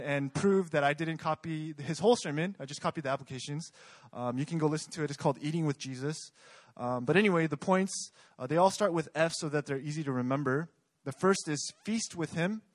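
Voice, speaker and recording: A young man with a fairly high voice preaches a sermon conversationally, frequently putting questions to the congregation. There is no echo on the recording.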